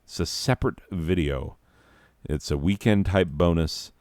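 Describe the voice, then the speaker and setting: Low, slow-talking male comedy host, profane and rambling, smooth voice. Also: darkish tone, no echo. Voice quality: profane, rambling, self-interrupting.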